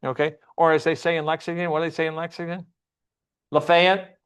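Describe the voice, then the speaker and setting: A man's voice: on the high side, flat delivery, racing, clear, resonant tone. A man teaching a church Sunday class, often asking the class questions and repeating himself.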